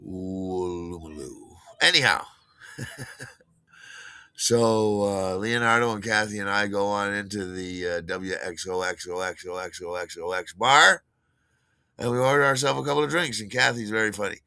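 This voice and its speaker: Older guy rambling thru a story, low and kinda sharp, dry close sound. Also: normal speed, dry recording. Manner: rambling, many fillers and restarts, chuckles at own stories. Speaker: podcast host.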